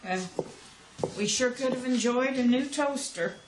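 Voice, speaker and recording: A woman's voice: sits high, a little slow, noisy background. An actress playing a blunt, scolding mother. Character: stern Southern mother, sharp-tongued.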